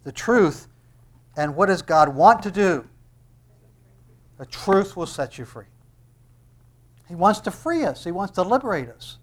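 A fervent male preacher with a slightly high voice delivers a sermon. He swings from booming emphatic declarations down to soft, hushed lines. He keeps asking his listeners rhetorical questions. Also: sing-song, a little slow, pauses often. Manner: swings between loud emphatic shouting and hushed tender lines; asks the audience rhetorical questions.

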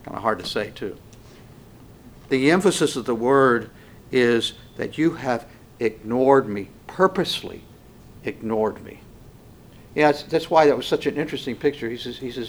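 A man preaching a sermon slowly and emphatically, swinging between loud passages and hushed ones. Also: mid-range voice, animated, slight background noise.

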